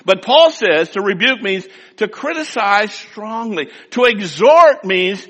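High-voiced preacher guy, bright sharp tone, loud then quiet, lots of hall echo. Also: very animated, slow pace. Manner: emphatic, swings from loud declaiming to quiet asides. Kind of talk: sermon. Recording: long hall reverb.

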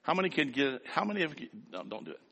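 Folksy older male preacher, lively pitch. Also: quick pace, big-room sound. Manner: folksy, rhythmic preaching with repetition. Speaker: pastor. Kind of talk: sermon.

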